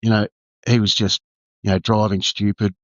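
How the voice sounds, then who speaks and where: A low-pitched Australian man tells his story candidly, stumbling through restarts and fillers. His voice sits dry and close. The recording is dull and lo-fi. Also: little pitch movement, fairly bright tone, no echo. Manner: halting, full of "you know" and restarts. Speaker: guest, former undercover detective.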